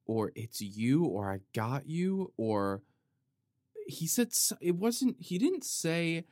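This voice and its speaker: A man hosting a podcast, talking in a playful, rambling comedic monologue that wanders off on tangents, with sudden loud outbursts. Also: a little high, very animated, slow, long pauses, no echo, clean studio sound. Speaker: podcast host.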